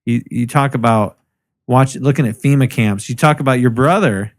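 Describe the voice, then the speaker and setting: This man co-hosts a podcast in a mid-range voice and at a moderate pace. In the casual conversation he rants animatedly and swears a great deal.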